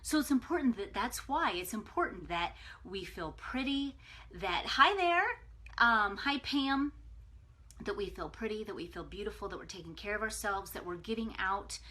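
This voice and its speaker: A woman's voice: medium pitch, fairly quick, hardly any pauses, breathy edge. A woman hosting a live video, giving a casual, emphatic pep talk and checking in with viewers. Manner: energetic and emphatic, chatty, with frequent "okay?".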